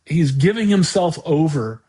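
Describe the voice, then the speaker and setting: Male podcast host, somewhat high pitch, unscripted musing delivery, halting, full of restarts and repeated words. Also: animated, mellow. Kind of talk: unscripted monologue commentary.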